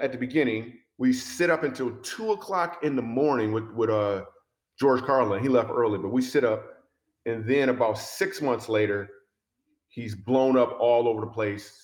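A man, a comedian, tells a story in an animated way and voices the people in it as he goes. His pitch sits in an ordinary middle range. The recording has a noticeably roomy echo around him. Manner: animated storyteller who acts out quoted dialogue; speaks of faith and following God's voice. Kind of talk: personal storytelling in a conversation.

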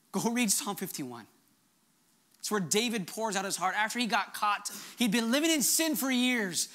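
Middle-aged guy preaching, earnest and emphatic, bright tone, goes quiet sometimes. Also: sits high. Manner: earnest, emphatic preaching with sudden soft drops. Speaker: pastor. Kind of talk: sermon.

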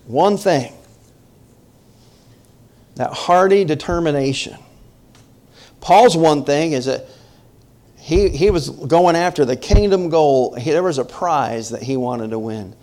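Slow and marked by long pauses, this slightly high, slightly mellow male voice belongs to a middle-aged northern US pastor. He preaches conversationally and emphatically, talking directly to his congregation and often asking questions.

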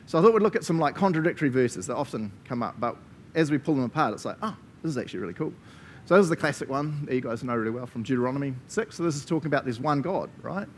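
A man's voice: mid-range voice, fast talker, darkish tone, a little hiss or hum. A man with a New Zealand accent preaching a casual sermon, joking and often laughing as he talks.

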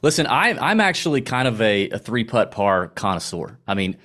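A man in his thirties from Georgia with a Southern accent, chatting animatedly as a podcast guest. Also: lowish voice. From Augusta, Georgia, US. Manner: animated, laughing, quick storytelling. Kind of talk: casual podcast chat.

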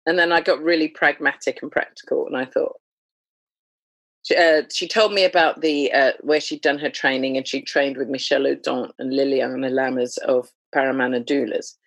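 A woman, a doula, chatting as a podcast guest in a lively, humorous storytelling way. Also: a bass voice, moderate pace, dry recording. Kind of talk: conversational storytelling.

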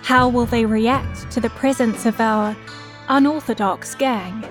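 A woman's voice: fairly high pitch, measured pace, faint music behind. A woman reading a dramatic, teasing episode outro for a podcast. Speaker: host.

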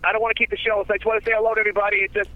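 A man's voice: high voice, level tone, very fast, phone-quality sound. A man from northern New Jersey calling in, rambling and tripping over his words. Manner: rambling, stumbling, repeats words. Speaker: caller. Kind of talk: phone-in greeting and plug.

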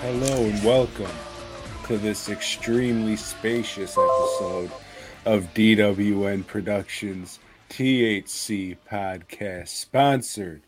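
A man hosting a casual podcast, wry and cursing freely, telling stories and mimicking people he spoke to on the phone. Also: on the low side. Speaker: podcast host.

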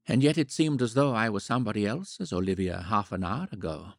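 A man reading the part of a proud, playfully teasing woman in an audiobook, speaking in an arch, gently mocking way. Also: lowish voice, animated, a little fast, creaky, no echo, clean studio sound.

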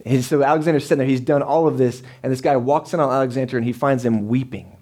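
A man in his thirties preaches to his congregation in a loose, conversational way, with plenty of asides and quick questions to the room. His voice sits at an ordinary middle pitch for a man, and he speaks from the pulpit of a church sanctuary. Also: steady tone, warm tone. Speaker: pastor. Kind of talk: sermon.

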